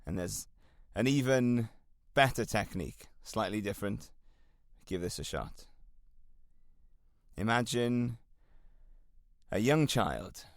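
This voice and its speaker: Welsh male podcast host, lowish voice, dry close sound, earnest and encouraging coach. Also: creaky, no room sound. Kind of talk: solo podcast monologue.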